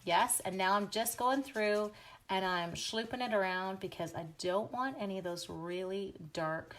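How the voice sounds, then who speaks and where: A woman runs a casual live stamping demo from her craft room at home. She is chatty and self-teasing, giggles at her own slips, and keeps greeting viewers by name. Her voice sits at an ordinary middle pitch for a woman. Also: unhurried. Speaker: stamping demonstrator hosting a live stream.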